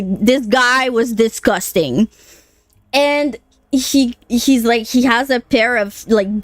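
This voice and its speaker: A woman's voice: on the high side, no room sound. Blunt, foul-mouthed woman streamer. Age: late 20s. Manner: blunt and profane, with frequent fillers. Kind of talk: casual storytelling to a live chat.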